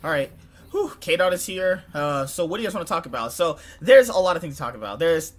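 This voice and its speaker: A man's voice: fairly high pitch, expressive, a little fast. A young man from California hosting a podcast, rambling and joking in casual chat, often breaking into laughter. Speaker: podcast host.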